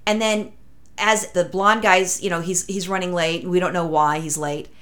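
A woman's voice: fairly low pitch, normal speed. A woman telling a long anecdote in casual podcast chat, rambling and acting out other people's lines. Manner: rambling, animated anecdote with acted-out quotes.

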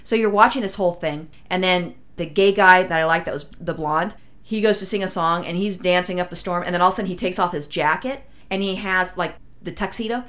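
A woman with a somewhat low voice tells a long, winding anecdote in relaxed podcast chat. She strings her thoughts together with "and then" and "like," and breaks into quick impressions of the people in her story. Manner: rambling, animated anecdote with acted-out quotes.

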